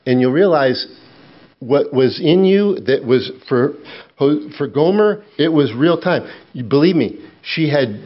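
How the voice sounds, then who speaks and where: A middle-aged man preaching a sermon, slow and earnest, dropping low and quiet when he tells his own story. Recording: dull lo-fi sound.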